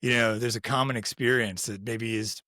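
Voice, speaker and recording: A man's voice: mid-range voice, fairly even intonation, moderate pace, bright, forceful tone, no room sound, clean studio sound. A man hosting a podcast, reflective and hesitant, searching for words as he responds. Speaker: podcast host. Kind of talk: casual interview chat.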